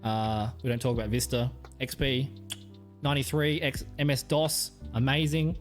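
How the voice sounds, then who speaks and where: An Australian man with a medium-pitched, level voice rambles crudely at a moderate pace during a laid-back livestream, laughing often. Soft music plays in the background as he chats.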